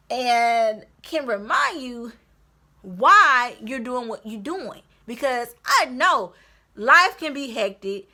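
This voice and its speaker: A woman's voice: a little high, sharp tone. A young woman vlogger giving motivational tips to her viewers, encouraging and repeating her key points as she talks straight to them. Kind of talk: motivational tips talk to camera.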